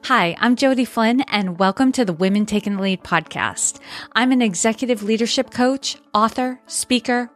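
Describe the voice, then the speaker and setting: A woman from Massachusetts hosting a podcast, reading a scripted intro and introducing her guest. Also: medium pitch. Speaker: podcast host and leadership coach.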